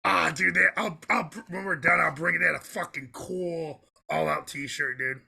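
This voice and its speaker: Loud laughing guy on a wrestling pod, gravelly and husky, high bright voice, swears a ton. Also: a little slow. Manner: brash, laughs a lot, swears freely. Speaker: podcast co-host. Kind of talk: casual chat.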